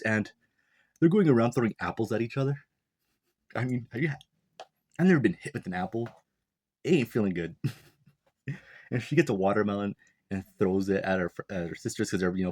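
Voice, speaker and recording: A man's voice: sits low, dry recording, studio quality. A young man casually breaking down a manga chapter, rambling and chuckling, full of "like" and "you know". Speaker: manga reviewer.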